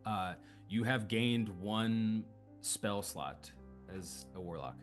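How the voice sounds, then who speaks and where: A young man narrating a tabletop game as game master, slow and hesitant with many fillers. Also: lowish voice, expressive, soft background music.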